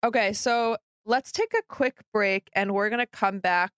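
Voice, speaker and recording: A woman hosting a casual pop-culture chat, animated and jokey. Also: medium pitch, unhurried, smooth, no echo, clean studio sound. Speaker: podcast host.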